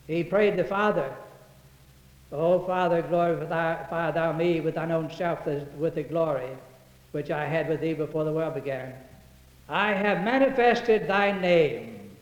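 A man preaching a sermon, quoting scripture in old-fashioned wording and getting louder on the verses. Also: a little slow, long pauses. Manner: rises in pitch and volume on quoted verses, hesitant restarts between. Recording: echoey hall, dull lo-fi sound.

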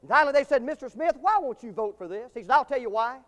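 Male preacher, very high voice, builds to loud climaxes, long church reverb. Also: expressive, fast talker. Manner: preaching with a swelling cadence, rising to loud climaxes. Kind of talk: sermon.

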